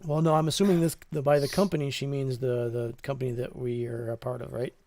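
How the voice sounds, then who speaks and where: A man playing a tabletop role-playing game, chatty and prone to quick restarts. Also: medium pitch, level tone, a little mellow, no echo. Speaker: player. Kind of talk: tabletop role-play, casual chat.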